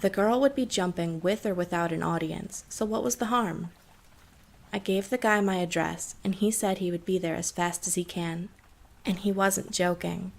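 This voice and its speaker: A woman narrating a scripted horror story in a steady, measured way. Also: fairly low pitch, gravelly.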